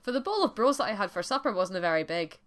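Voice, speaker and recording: A woman's voice: mid-range voice, sing-song, fast talker, fairly bright tone. A woman voicing a hungry old man grumbling about a small supper in a folk tale.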